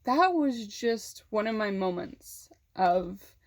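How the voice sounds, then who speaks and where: A woman vlogger telling a personal story in a candid, halting way, swearing freely and holding back tears. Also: mid-range voice, expressive.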